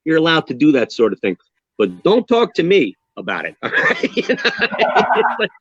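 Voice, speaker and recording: A man with a New York accent, a drummer being interviewed on a video call, talking in an animated, emphatic, joking way. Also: a little high, normal speed, husky, no echo, dull audio. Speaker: guest drummer. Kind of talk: casual interview chat.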